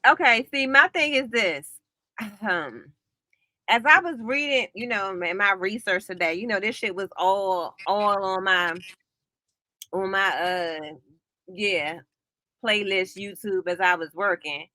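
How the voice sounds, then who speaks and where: A woman's voice: medium pitch, takes it slowly, bright, forceful tone, no room sound. A woman with a Washington, D.C. accent, co-hosting a casual gossip chat, talking frankly and often restarting her sentences. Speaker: co-host.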